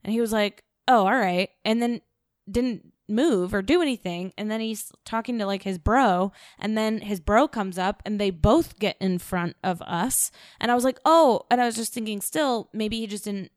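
A woman's voice: mid-range voice, moderate pace, no room sound, clean studio sound. Blunt, profane woman podcast host. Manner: blunt, profane storytelling with quoted dialogue. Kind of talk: casual chat.

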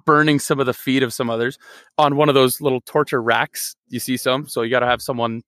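A man's voice: medium pitch, steady tone, fairly quick, fairly bright tone, no echo, clean studio sound. A man as a guest on a casual podcast, telling jokey stories. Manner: jokey storyteller.

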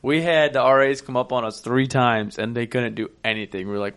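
A man in his twenties hosting a casual podcast, telling stories in a profane, animated way. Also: mid-range voice, fairly quick, clear, resonant tone. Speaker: podcast host. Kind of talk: casual chat.

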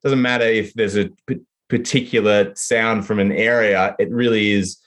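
An Australian man speaking in a fairly low voice in a relaxed interview. He rambles through his answers, full of fillers, restarts and loose asides. He sounds like an actor talking about his work. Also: normal speed. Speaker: actor guest. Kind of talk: casual interview.

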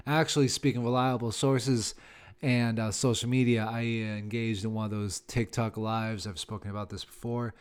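A man's voice: on the low side, level tone, moderate pace, clear, resonant tone. Rambling sarcastic male podcast host. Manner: rambling and sarcastic, with many fillers and laughs. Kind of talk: casual solo podcast rant.

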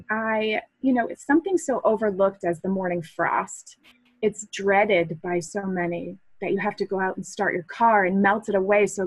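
A woman's voice: mid-range voice, slightly rough, no echo, poor audio. Earnest woman, dry close sound. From Massachusetts, USA. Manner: earnest, reflective, with restarts and soft laughs. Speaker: podcast guest, hobby photographer. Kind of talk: casual interview chat.

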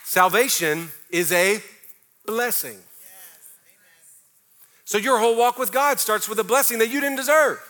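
A man's voice: high-pitched, a little slow, pauses often, bright, forceful tone. A middle-aged man preaching a sermon as pastor, emphatic and conversational, breaking into mocking little prayer impressions.

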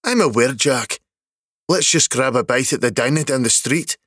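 A man puts on a smug salesman for an audio story, sly and coaxing. The voice is pitched up a little from his usual range and sounds dry and close. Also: moderate pace, fairly bright tone, husky, dry recording. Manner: sly, wheedling. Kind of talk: audiobook character voice.

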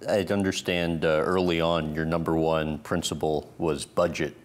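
Very deep-voiced male interviewer. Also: level tone. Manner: brief, measured questions. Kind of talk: interview questions.

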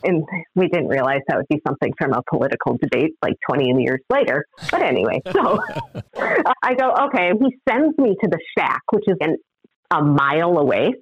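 A woman's voice: low-pitched, a little fast, husky, dry recording. Middle-aged woman telling a story, voice jumps all over, dry dull recording. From Upper Midwest of the United States. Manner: lively, acts out other people's lines. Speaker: guest. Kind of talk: animated storytelling.

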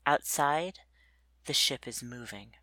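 A narrator reading a first-person story in an introspective, measured way. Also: medium pitch, pushed and bright, no echo.

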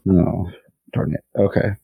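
A man's voice: sits low, flat delivery, unhurried, gravelly, husky, no room sound, narrow, tinny audio. A man playing in a tabletop game who thinks aloud and speaks hesitantly about his character's next move. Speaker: player.

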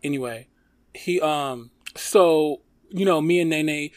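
A man's voice: on the high side, takes it slowly, no echo. A man in his thirties from Detroit, telling rambling stories in casual chat with lots of fillers. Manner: animated storytelling, lots of fillers.

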